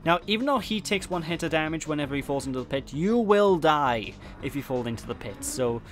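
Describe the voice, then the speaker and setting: A man's voice: on the high side, lively intonation, fairly quick, faint music behind. A man from Wales giving casual, jokey commentary on his gameplay, chatting directly to his viewers. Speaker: let's play host.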